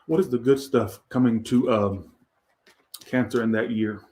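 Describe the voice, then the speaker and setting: A man's voice: mid-range voice, fairly even intonation, a little slow, darkish tone, reverberant. Crude, rambling man reading tarot. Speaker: tarot reader.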